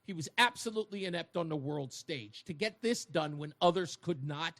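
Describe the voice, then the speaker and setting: A man hosting a talk radio show from a studio, bantering in an animated, joking way. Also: fairly high pitch, moderate pace.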